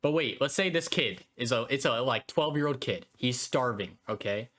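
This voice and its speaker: A man's voice: mid-range voice, expressive, moderate pace, fairly bright tone. A man hosting a debate, patiently questioning his guest through hypothetical scenarios. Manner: probing, patient, poses hypotheticals. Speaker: host.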